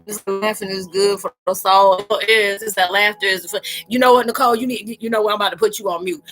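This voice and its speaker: A woman hosts a casual live chat, joking and talking straight to her viewers in slangy everyday speech. Her voice is bright and forward. Faint music plays behind her. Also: mid-range voice, fairly even intonation, fast, few pauses.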